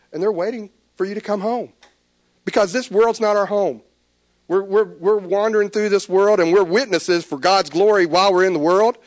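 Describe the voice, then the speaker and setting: A man preaching a sermon, animated, with stammered restarts. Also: high-pitched, no room sound, clean studio sound. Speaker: pastor.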